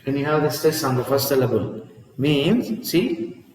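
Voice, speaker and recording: A man, teaching a lesson in a slow, repetitive way and often asking "see?" and "huh?". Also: mid-range voice, sing-song, a little mellow, slight background noise. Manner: slow, repeats each word, asks "see?" and "huh?". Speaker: English teacher. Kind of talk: classroom lesson. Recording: echoey room with long reverb.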